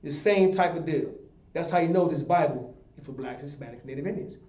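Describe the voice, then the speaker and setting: Captured from a distance in an echoey room, this dull, lo-fi recording has a man teaching with a brisk, slightly high, darkish voice. He goes over points repeatedly and keeps asking his students whether they understand.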